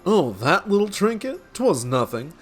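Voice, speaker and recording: A man's voice: high-pitched, sing-song, measured pace, faint music behind, pitched above the performer's own voice, heavily acted. A man voicing an arrogant, spoiled rich young man with a haughty drawl.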